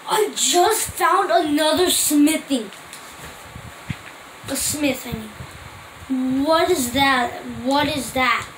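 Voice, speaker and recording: A young female gamer giving casual commentary over gameplay, excitable and prone to gasping and exclaiming at her finds. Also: high voice, slow pace, pauses often. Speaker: gaming video creator. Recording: roomy echo with clear background noise.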